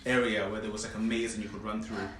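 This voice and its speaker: A woman's voice: a bass voice, level tone, fast, reverberant, a crowd in the background. A young woman chatting casually with friends, responsive and full of murmured agreement. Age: young adult. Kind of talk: casual chat among friends.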